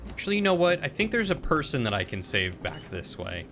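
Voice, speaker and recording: A man's voice: medium pitch, big pitch swings, brisk, fairly bright tone, soft background music. A man streaming a game live, chatting casually, reacting to the fight and answering chat. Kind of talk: live gameplay commentary.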